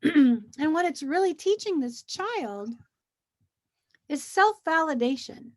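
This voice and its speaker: A woman's voice: high voice, takes it slowly. A woman in casual conversation, telling stories animatedly and acting out the things people say in a soothing or mimicking voice. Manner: animated storyteller, acts out quotes; soothing, gentle when quoting a child. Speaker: co-host. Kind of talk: casual chat.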